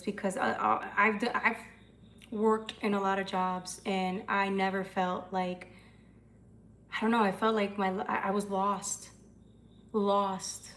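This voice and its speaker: A young woman hosts a tarot livestream, talking loosely to her viewers. She answers their comments as they come in and swears casually. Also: mid-range voice.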